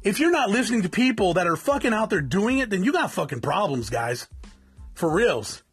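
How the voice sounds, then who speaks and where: Soft music plays behind a fast, high-sitting male voice with big swings in pitch and a breathy edge. The speaker, a forties-aged vlogger from South Tucson, Arizona, swears constantly as he lectures viewers, calling them guys, in a blunt motivational rant.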